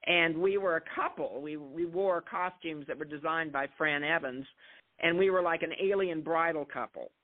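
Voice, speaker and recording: An older woman from New Mexico, a guest screenwriter, chatting eagerly and rushing into long anecdotes. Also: low voice. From New Mexico, USA. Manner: talkative, rushes into long anecdotes. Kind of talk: casual interview chat. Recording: phone-like narrow-band line.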